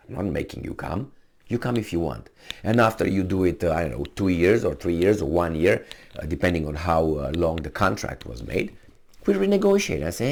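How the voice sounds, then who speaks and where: A man with a low, gravelly voice gives an argumentative opinion monologue to camera. He plays out imagined exchanges in his own voice to press his points. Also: darkish tone. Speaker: commentator hosting his own channel.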